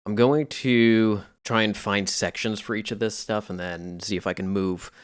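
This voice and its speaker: A man casually explaining how he recorded and processed sounds for a music piece, in a relaxed way with a few fillers. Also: lowish voice, moderate pace, clean tone, no echo, clean studio sound. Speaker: music producer. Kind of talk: casual tutorial narration.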